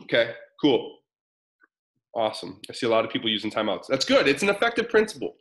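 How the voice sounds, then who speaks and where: A man's voice: mid-range voice, sing-song, quick pace, a bit bright, rough recording. A man in his thirties presenting a live parenting webinar, talking casually and energetically while answering chat comments.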